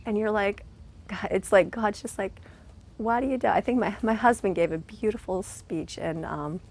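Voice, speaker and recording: A woman's voice: mid-range voice, normal speed, darkish tone. A middle-aged woman talking in a casual vlog, earnest and emotional, rambling with many restarts and heartfelt thanks. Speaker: vlogger and mother.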